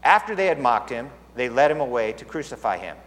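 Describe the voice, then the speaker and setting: A man preaching a sermon in an animated, conversational way, often asking rhetorical questions. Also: medium pitch, fairly quick. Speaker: pastor. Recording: echoey hall.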